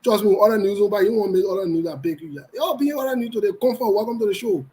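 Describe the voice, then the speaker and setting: A man's voice: high-pitched, fast talker, darkish tone, poor audio. A man with a Liberian English accent hosting a live online show, greeting viewers by name in a loose, joking way. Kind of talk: casual livestream chat.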